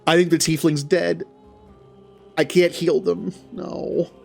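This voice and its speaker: A man giving casual gameplay commentary. He talks to the characters on screen and yelps loudly at setbacks. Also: fairly high pitch, flat delivery, slow, vocal fry, husky, soft background music. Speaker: gaming channel host.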